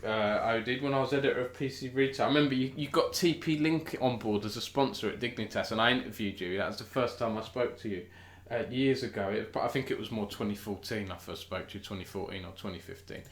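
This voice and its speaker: British male esports news host, middle pitch, chatty and stop-start, roomy echo. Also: fast talker, hardly any pauses. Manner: chatty, self-interrupting, thinks aloud. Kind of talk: casual live-stream news chat.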